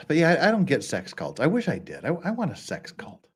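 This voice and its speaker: A man's voice: on the high side, wildly swooping pitch, fairly quick, breathy edge. A man hosting a casual live stream, rambling and joking with many restarts and asides. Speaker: streamer host. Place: lives in Korea.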